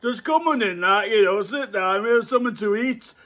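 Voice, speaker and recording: A man putting on a bossy northern English host, blustering and shouting. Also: high-pitched, fairly quick, voice pushed up. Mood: blustery.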